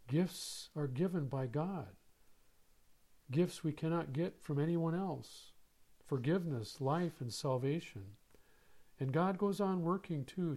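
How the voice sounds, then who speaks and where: A man preaching a sermon, reading scripture and a story in a slow, measured way with solemn pauses. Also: fairly high pitch, warm tone.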